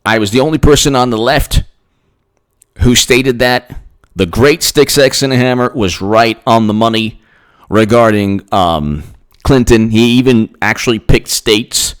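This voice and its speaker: A man's voice: medium pitch, measured pace, clean tone. A man hosting his own political commentary channel, ranting sarcastically, repeating himself and mocking others in put-on voices. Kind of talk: rambling solo political rant.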